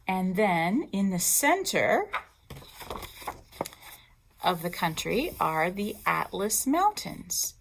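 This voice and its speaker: Slow, expressive storytime woman. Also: mid-range voice, a little hiss or hum. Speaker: children's librarian. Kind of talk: storytime for young children.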